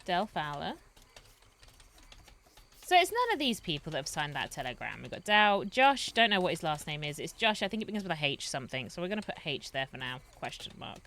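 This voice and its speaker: A woman's voice: deep voice, sing-song, fairly quick, fairly bright tone. A woman streaming a roleplay game, chatting in a rambling way and laughing often. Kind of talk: casual chat while streaming a roleplay game.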